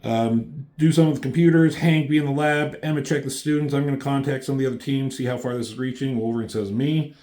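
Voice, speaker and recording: A man's voice: medium pitch, quick pace, hardly any pauses, a little mellow. A man casually recapping and reviewing a comic book, loose and profane, reading out the characters' lines in a slightly raised voice.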